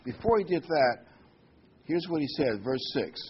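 A man's voice: fairly high pitch, very animated, a little slow, breathy edge. A man preaching a sermon in a conversational way, leading the congregation to repeat words after him. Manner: conversational, leads the congregation in call-and-response. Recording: dull lo-fi recording with faint hiss.

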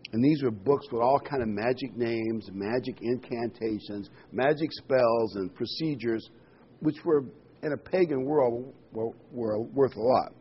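A man preaching a sermon, his voice rising and falling with lively emphasis as he reads scripture and adds side comments. His tone is slightly husky, and the recording is dull and lo-fi. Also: mid-range voice, normal speed. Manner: animated, explanatory asides. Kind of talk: sermon with Bible reading. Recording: dull lo-fi sound.

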